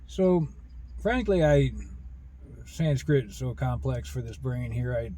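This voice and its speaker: A man talking in a rambling personal monologue about spiritual ideas, earnest and halting, with many restarts. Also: mid-range voice, expressive, mellow, a little hiss or hum, rough recording. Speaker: spiritual video host.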